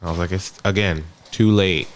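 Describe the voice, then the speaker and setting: A man co-hosting a podcast, chatting casually with relaxed short remarks. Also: low voice, moderate pace, slight background noise. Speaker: podcast co-host. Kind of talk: casual chat.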